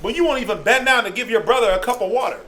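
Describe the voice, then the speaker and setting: A man's voice: very high voice, animated, racing, pushed and bright, slight background noise, poor audio. A man speaking passionately in a group discussion, acting out the people he quotes and laughing often. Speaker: discussion participant.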